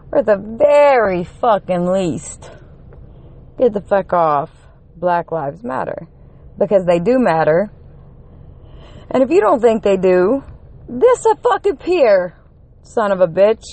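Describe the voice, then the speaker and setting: A woman giving an angry, profanity-filled rant to her camera, running on one hour of sleep and climbing to shouts when her temper peaks. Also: medium pitch. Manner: heated, swearing constantly, rising to shouts. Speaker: vlogger.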